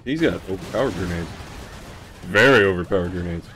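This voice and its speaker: A man from the United States giving casual, deadpan, sarcastic commentary over his gameplay, swearing freely and rambling with fillers and restarts. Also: deep voice, a little fast, faint music behind. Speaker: gaming channel host.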